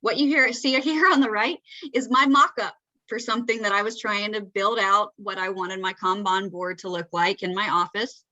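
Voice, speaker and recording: A woman's voice: mid-range voice, fairly even intonation, moderate pace, pushed and bright, dry recording, lo-fi sound. A woman with a Southern accent giving a conversational talk, often checking in with "right?". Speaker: presenter. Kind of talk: presenting a talk.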